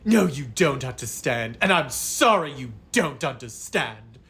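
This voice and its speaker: A man's voice: mid-range voice, sing-song, unhurried, sharp tone, exaggerated voice. A man voicing an entitled wife with a British accent who repeats accusing questions. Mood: curt. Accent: British, put on. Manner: indignant, repetitive questioning.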